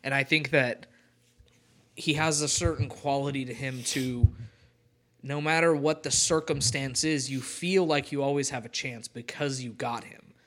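Podcast cohost dude, mid-pitched voice, blunt and argumentative about football. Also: male voice, fairly even intonation, a little slow, fairly bright tone. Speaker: podcast co-host. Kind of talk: casual sports chat.

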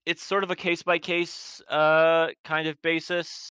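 A man acting as game master of a tabletop horror game, improvising with halting, repeated words. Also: fairly high pitch, flat delivery, pushed and bright, clean tone, dry recording.

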